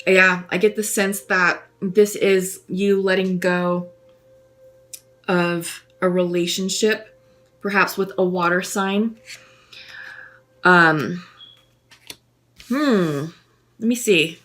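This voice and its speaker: A woman giving a spoken tarot reading, musing and gentle, pausing often with fillers as she thinks aloud. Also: lowish voice, fairly even intonation. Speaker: tarot reader.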